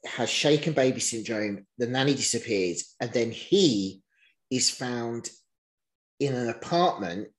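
Guy co-hosting a chatty show, animated, pitch leaps when exasperated. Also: low-quality recording. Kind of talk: casual chat recapping reality TV.

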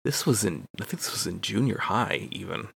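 A man's voice: lowish voice, lively intonation, brisk, vocal fry, fairly bright tone, husky. A young man from Texas, a podcast co-host, telling a rambling, profane, self-deprecating story in casual chat.

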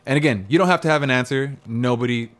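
A man's voice: mid-range voice, quick pace, fairly bright tone. A man hosting a casual chat, asking a guest questions in a laid-back way, laughing often and swearing now and then. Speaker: podcast host.

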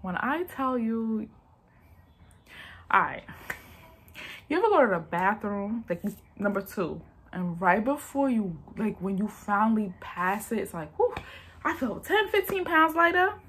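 A woman's voice: medium pitch, big pitch swings, unhurried, fairly bright tone, slight background noise. A woman vlogger telling a personal story in a casual, rambling way and talking straight to her viewers.

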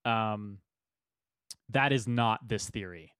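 A man's voice: on the low side, slow pace, a bit bright, clean tone, dry recording, clean studio sound. A man hosting a casual podcast, explaining a theory at length and joking and laughing often. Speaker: podcast host presenting the topic.

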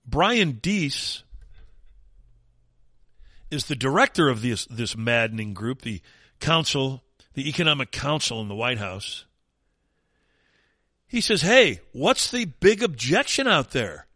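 A man's voice: mid-range voice, very animated, takes it slowly, pauses often, sharp tone, breathy edge, no room sound, studio quality. A man hosting a talk radio show, delivering a sarcastic, mocking rant in an opinionated monologue.

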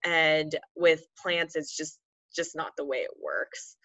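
A woman's voice: low voice, slow, a bit bright, no echo, lo-fi sound. A young woman hosting a casual podcast as an herbal medicine practitioner, chatty and upbeat, laughing often.

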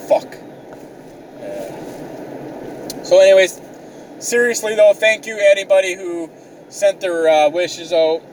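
Young guy rambling and cursing nonstop outdoors, highish voice, faint traffic, mic a bit off. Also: measured pace, pauses often, recorded from a distance, poor audio. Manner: rambling, swears constantly, sarcastic. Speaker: vlogger. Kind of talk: profane comedic rant. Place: outdoors on the move.

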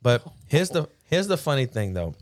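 Animated storytelling man, lively pitch. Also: moderate pace. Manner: animated, acts out voices with a Southern drawl. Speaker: podcast co-host. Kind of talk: casual storytelling chat.

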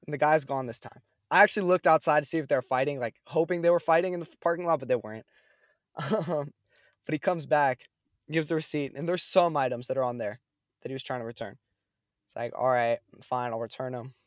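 A man's voice: a little high, brisk, no echo, studio quality. Slangy young man telling a story. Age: young adult. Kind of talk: casual chat.

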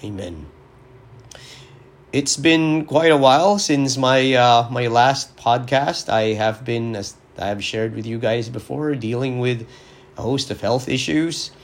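A man giving a podcast homily as a parish priest, his voice strained from illness. He speaks reflectively at a middling pitch and often restarts his sentences. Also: unhurried.

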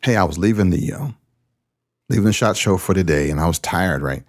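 A man hosting a podcast, telling a story in a casual, animated way and acting out the dialogue. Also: sits low, fairly quick. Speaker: podcast host.

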